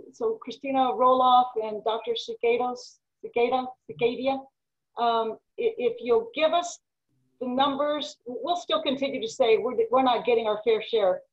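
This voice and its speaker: Woman legislator, higher voice, firm, muffled lo-fi call audio. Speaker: elected official on a panel. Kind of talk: panel remarks over video call. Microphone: video call. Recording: dull lo-fi video call audio.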